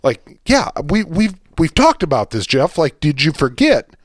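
A fired-up man with a slightly high voice rants through a story on his podcast, swearing freely. The sound is close and dry with no room around it, like a studio mic. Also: very animated, moderate pace, no echo. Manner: ranting, profane, fired-up storytelling. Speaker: podcast co-host. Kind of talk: casual chat.

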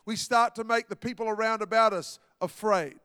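A man preaching a sermon, animated and dramatic. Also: high-pitched, normal speed, clear, resonant tone, no echo, clean studio sound, in a large hall. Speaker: pastor.

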